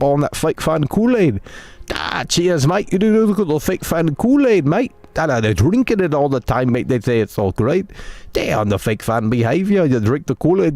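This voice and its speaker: A man's voice: fairly high pitch, a little mellow, no echo. A man doing an exaggerated put-on British accent as a grumbling, chummy bloke who ends every line with "mate" on a live stream. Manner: exaggerated, repeats "mate" and "bloody hell".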